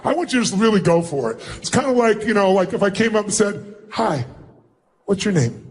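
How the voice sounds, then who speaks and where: High-pitched, commanding male seminar speaker. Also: fast. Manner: commanding, energetic, calls for audience shouts. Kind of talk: live seminar address to a large audience. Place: large event hall.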